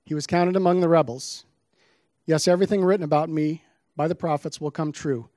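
Delivering his sermon a little fast, the preacher keeps a steady tone in a slightly high, darkish voice, with clean, echo-free studio sound. Scripture comes first, read aloud with dramatic emphasis on the quoted lines, and then he explains the passage.

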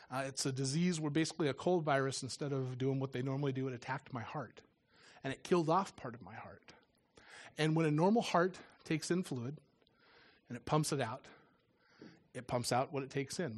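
A middle-aged man preaching and telling a personal story in earnest, often dropping to a hush at solemn moments. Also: mid-range voice. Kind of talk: sermon with personal testimony.

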